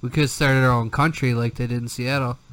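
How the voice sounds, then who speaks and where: A man's voice: mid-range voice, fairly even intonation, fast talker, a crowd in the background. A man co-hosting a casual podcast, rowdy and profane, laughing a lot. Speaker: podcast co-host.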